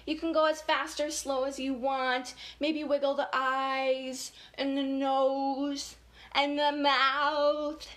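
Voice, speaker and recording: An upbeat woman hosting a children's story time over a webcam, with a fairly high voice. She talks straight to the kids, giggling easily as she leads them along. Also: level tone, slow pace, fairly bright tone.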